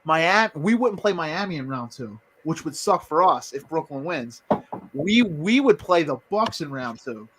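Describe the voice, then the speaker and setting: A man's voice: on the high side, sing-song, moderate pace, background noise. A man co-hosting a podcast, talking sports in a confident, opinionated way and often repeating words as he starts a thought. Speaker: podcast co-host. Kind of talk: casual sports chat.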